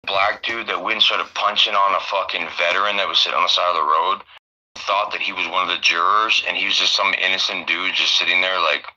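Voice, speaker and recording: A man with a low, very bright and forceful voice, rambling through casual chat with plenty of swearing and "like" and "um". The recording sounds dull and lo-fi. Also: steady tone, a little fast. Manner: rambling, profane, many fillers.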